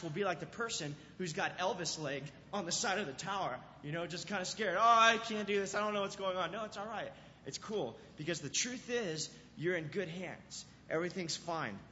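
A man's voice: sits high, slight background noise. A young man giving a casual sermon to a youth group, telling stories and acting out scenes, with lots of "like" and "right?". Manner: animated storytelling, acts out scenes, fillers like "like" and "right?". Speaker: youth pastor. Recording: dull lo-fi sound in a reverberant hall.

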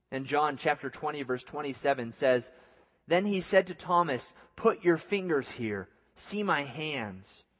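Pastor, male, a touch high-pitched, relaxed and joking as he preaches, big echoing hall. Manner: conversational preaching with jokey asides. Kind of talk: sermon.

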